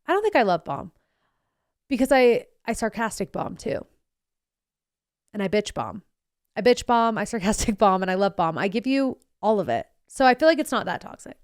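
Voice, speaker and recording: At a moderate pace and mid-range pitch, a young woman podcaster tells a casual story, sarcastic and bubbly, animating the voices of the people she quotes, herself too. The studio sound is clean with no room sound.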